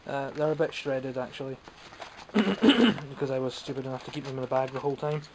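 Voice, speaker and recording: A toy-collecting vlogger from Scotland talks a little fast at a medium pitch, cheerfully running himself down as he displays his newly bought toys. Background noise is audible.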